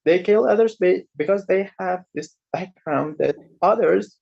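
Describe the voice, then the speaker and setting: A man's voice: high-pitched, lively intonation, normal speed, gravelly, few pauses, darkish tone, highs cut off. A man in an English conversation class, speaking hesitantly with many fillers as he sums up a discussion and gives his own view.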